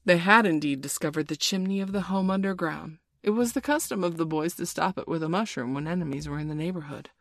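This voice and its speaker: A woman with a low voice narrates a storybook in a measured, expressive way. The recording is close and dry, with no room sound. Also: no echo.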